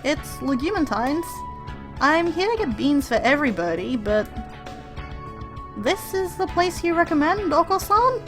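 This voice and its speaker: A woman's voice: high-pitched, big pitch swings, unhurried, music in the background, pitched above the performer's own voice. A woman reading the lines of an earnest, exasperated young heroine in a game.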